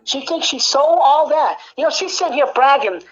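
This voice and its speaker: Angry, foul-mouthed woman in a muffled lo-fi home recording, voice sits high. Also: lively intonation, normal speed. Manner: angry, profane venting, many fillers. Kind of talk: casual recorded conversation.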